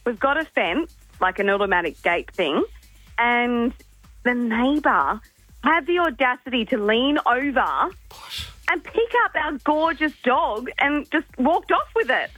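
Bright, indignant woman caller. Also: on the high side, expressive, measured pace, no room sound, faint music behind, low-quality recording. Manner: indignant, laughing storyteller. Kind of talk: phone-in call.

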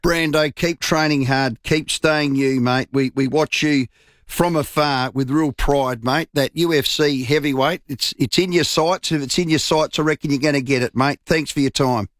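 A man's voice: a little high, fairly even intonation, moderate pace, fairly bright tone, no room sound, clean studio sound. A man co-hosting a radio sports show, teasing and encouraging the guest in a jovial way. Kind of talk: casual radio interview.

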